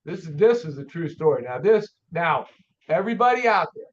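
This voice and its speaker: An older man, an auto shop owner, telling a story in a folksy, animated way as a guest on an interview show. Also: on the high side, fairly quick. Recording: dull lo-fi audio.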